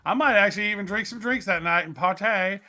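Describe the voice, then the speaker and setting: A man with a fairly high, bright voice chats casually as a podcast co-host. He tells stories in an animated, talkative way. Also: fast. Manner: chatty, animated storytelling.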